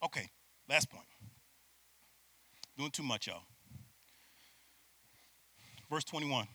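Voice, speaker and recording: A male preacher giving a lively sermon, acting out voices, laughing often and calling out to the crowd. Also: mid-range voice, slow pace, pauses often, slightly rough, no room sound.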